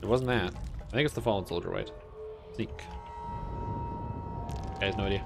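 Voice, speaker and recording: A young man streaming a game, chatting casually with amused, excitable bursts. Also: fairly low pitch, normal speed, gravelly, music in the background. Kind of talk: casual gameplay commentary.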